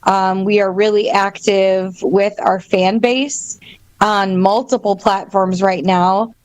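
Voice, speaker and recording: A woman's voice: medium pitch, steady tone, takes it slowly, no room sound. A woman with a Wisconsin accent, a band guest chatting casually, laughing often and saying um a lot. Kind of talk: casual chat.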